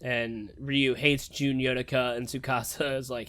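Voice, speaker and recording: A man co-hosting a podcast, recapping episodes in loose, profane casual chat with quick quoted asides. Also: mid-range voice, level tone, sharp tone. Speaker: podcast co-host. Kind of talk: casual anime review chat.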